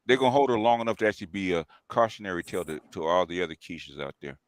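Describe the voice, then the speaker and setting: A man in casual chat, quick and emphatic. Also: deep voice, lively intonation, no echo, clean studio sound.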